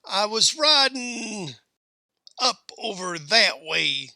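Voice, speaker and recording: A man's voice: sits high, big pitch swings, very slow, bright, forceful tone, dry recording, pitched above the performer's own voice, heavily acted. A man voicing a fussy, whining frontier town mayor who gets flustered. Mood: telling.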